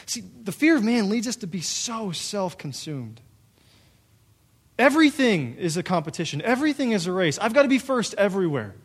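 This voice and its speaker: A young man preaching a sermon as a pastor, conversational and animated, full of rhetorical questions. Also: high-pitched, moderate pace, husky.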